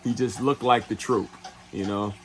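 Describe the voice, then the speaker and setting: This man's voice sits fairly low and his intonation stays mostly even. He's a travel vlogger recounting a trip loosely and with plenty of swearing, leaning on fillers such as "you know what I'm saying" and rattling off quick impressions of others.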